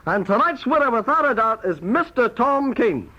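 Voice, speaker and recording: A man with a Northern Irish accent playing a formal, brisk quizmaster in a comedy sketch. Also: extremely high pitch, very animated. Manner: brisk, formal quiz-host delivery. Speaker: comic quizmaster. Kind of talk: comic sketch on tape. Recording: dull old cassette tape with hiss.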